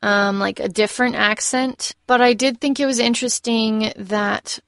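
A young woman co-hosting a casual film discussion podcast, chatty and lively, with frequent restarts. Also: a little high, normal speed, creaky, no echo, clean studio sound. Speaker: podcast co-host.

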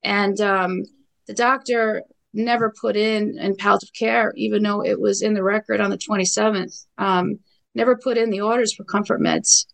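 A middle-aged woman speaks as a guest, her voice carrying a gravelly edge. She tells her story bluntly and with emphasis, leaning on repeated phrases and fillers. Her pitch sits in an ordinary middle range for a woman. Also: steady tone, normal speed, low-quality recording. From New York. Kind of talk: personal account in a podcast interview.

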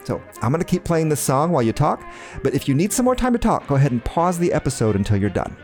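A man's voice: a little high, sing-song, fast, darkish tone, faint music behind. A man hosting a children's podcast, talking playfully straight to young listeners. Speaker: podcast host.

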